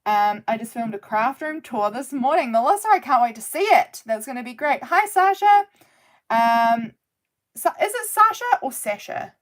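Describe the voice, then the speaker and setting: A woman's voice: a little high, expressive, moderate pace. A woman hosting a casual craft livestream from her desk at home, chatting in a rambling way and often laughing as she works. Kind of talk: casual live chat while crafting.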